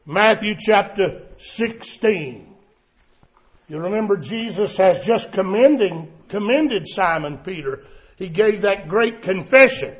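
A male preacher delivers a sermon, swinging between loud cries and hushed tones. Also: high voice, animated, a little slow, muffled recording.

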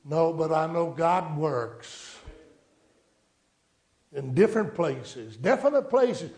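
A preacher with a notably high voice tells a story to his congregation. He speaks plainly and pleads with his listeners, and his voice rings in a roomy, echoing space. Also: expressive, takes it slowly, darkish tone. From rural United States. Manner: storytelling preacher, rising to emphatic pleas. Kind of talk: sermon.

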